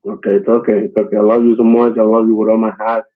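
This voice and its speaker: A man pleading over a tinny phone line, his voice fairly low and flat. He talks in broken English and piles up the same reassurances again and again. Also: fast talker. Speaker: phone scammer.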